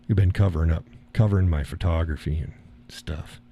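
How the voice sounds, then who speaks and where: A man's voice: extremely low pitch, fairly even intonation, brisk, mellow, slight background noise. A man hosting a live stream, talking casually and rambling, chuckling at his own remarks.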